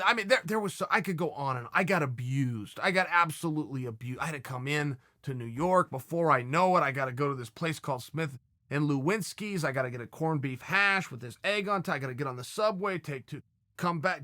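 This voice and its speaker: A man's voice: fairly high pitch, bright, forceful tone, dry recording, studio quality. A man hosting a podcast, telling a wry story in a casual, anecdotal way. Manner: wry anecdotal storyteller who often acts out others' lines. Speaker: podcast host.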